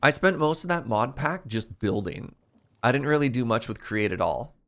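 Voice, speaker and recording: A man's voice: medium pitch, animated, normal speed, fairly bright tone. A young adult man thinking aloud in casual commentary while streaming a modded block game. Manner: thinking aloud, rambling and musing.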